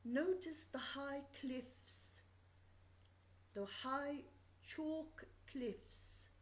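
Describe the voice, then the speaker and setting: Woman, literature lecturer, slow measured delivery, reads verse aloud, higher voice. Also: low-quality recording. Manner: slow, deliberate reading of verse. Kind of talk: recorded poetry lecture.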